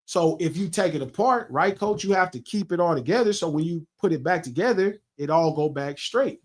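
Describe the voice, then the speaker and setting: Animated, profane man telling a story. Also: a little high, brisk. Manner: profane, animated, acts out his own quotes. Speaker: podcast host. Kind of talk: casual storytelling chat.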